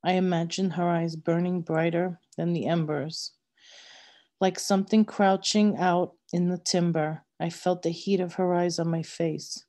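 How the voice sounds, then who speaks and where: Slow, mellow woman reading a novel. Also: lowish voice, fairly even intonation. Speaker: reader.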